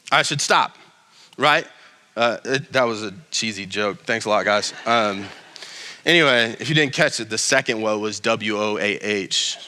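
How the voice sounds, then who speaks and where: A man's voice: medium pitch, bright, forceful tone, in a large hall. A male pastor giving a casual, joking sermon with many restarts and reading scripture aloud.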